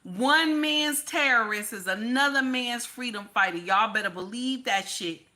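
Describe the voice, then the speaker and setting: Blunt, profane woman ranting with a bright voice. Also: on the high side, measured pace. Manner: blunt, profane, repeats lines for emphasis. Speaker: commentary channel host. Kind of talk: casual ranting commentary.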